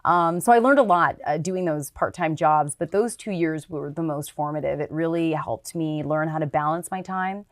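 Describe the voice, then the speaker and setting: A woman from Canada, a TV news reporter, chatting as a podcast guest with animated storytelling and lively swings in her voice. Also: low-pitched, moderate pace, few pauses, no echo, studio quality. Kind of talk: casual interview chat.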